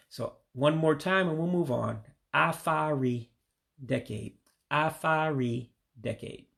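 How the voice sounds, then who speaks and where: In a relaxed spoken lesson, a man who is himself learning the language goes over vocabulary. He pronounces every word with slow patience before dropping his voice to give its English meaning, his creaky, gravelly voice pitched at a typical male middle.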